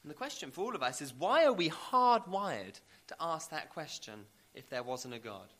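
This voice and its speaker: Bright-voiced male preacher, emphatic sermon. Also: on the high side, sing-song, moderate pace. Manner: emphatic, builds with rising repeated questions.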